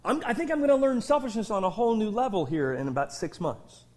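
A middle-aged man with a strikingly high voice preaches with fervor. He leaps from shouted declarations to soft, hushed asides, restarting and repeating words as the conviction builds. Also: animated, fast. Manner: impassioned preaching, swinging from shouts to hushed tones. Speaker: pastor. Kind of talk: sermon.

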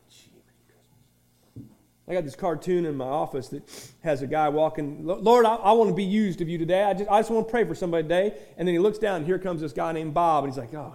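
A man preaching a sermon to his church. He moves between shouted, rising lines and quiet conversational asides, and he acts out small dialogues. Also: sits high. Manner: restarts and acts out little dialogues. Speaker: pastor.

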